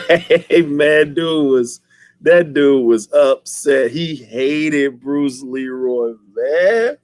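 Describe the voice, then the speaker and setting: A man streaming and chatting casually with his viewers, telling stories in an animated way and laughing often. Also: a little high, drawn-out words, no room sound. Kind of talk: casual chat.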